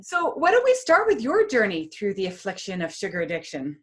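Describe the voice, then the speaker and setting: A woman host with a slightly breathy voice introduces her guest warmly and upbeat. Her pitch sits in an ordinary middle range. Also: huge pitch swings, fairly quick. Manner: upbeat, welcoming presenter. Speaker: summit host, interviewer. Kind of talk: hosted interview introduction.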